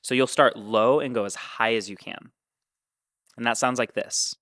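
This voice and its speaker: A man's voice: medium pitch, fairly even intonation, moderate pace, a bit bright. A man teaching Mandarin tones, explaining patiently and demonstrating each sound. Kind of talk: explaining with spoken examples.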